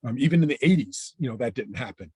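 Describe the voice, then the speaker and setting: A middle-aged man telling stories in an interview, who acts out the lines of the people in them with lively changes of voice. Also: medium pitch, fast, breathy edge, no room sound. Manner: animated, acts out quoted dialogue. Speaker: franchise owner guest. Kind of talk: storytelling interview chat.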